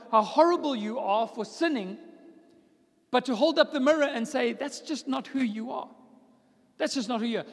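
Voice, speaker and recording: A man's voice: very high-pitched, in a large hall. A man, a pastor, preaching a sermon with emphatic repetition.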